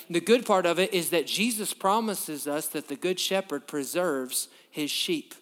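A man preaching a sermon, emphatic, swinging from quiet to loud and checking in with "okay?". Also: high voice. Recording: long reverb of a large hall.

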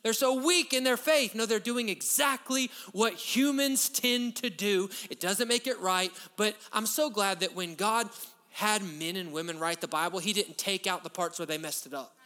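A man, preaching a sermon as pastor, conversational and then loud and emphatic. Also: sits high, moderate pace. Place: church sanctuary. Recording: long reverb of a church hall.

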